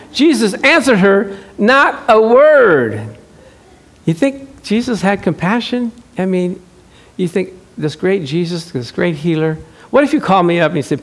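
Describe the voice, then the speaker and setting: A male pastor preaching a sermon in a church, telling stories and acting out quotes with laughs. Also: high-pitched. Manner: animated storytelling, acts out quotes, laughs often.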